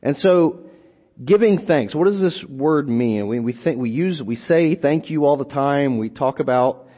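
A man preaching an expository sermon, teaching slowly and deliberately, lingering on single words and repeating phrases for emphasis. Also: on the high side, lively intonation. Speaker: preacher teaching on a Bible letter. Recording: long hall reverb, dull lo-fi sound.

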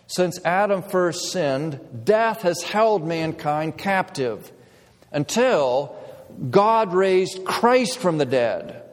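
A male pastor delivering a sermon in a church sanctuary, his slightly raised voice ringing with a long hall reverb. He speaks in measured, emphatic phrases, pausing deliberately to let points land. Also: on the high side. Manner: measured preaching with emphatic pauses.

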